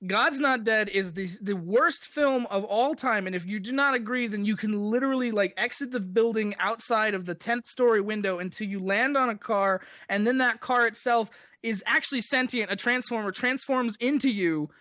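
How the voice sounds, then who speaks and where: Crude sarcastic young man, bright voice. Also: high-pitched, normal speed, few pauses, no echo. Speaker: podcast co-host. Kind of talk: casual chat.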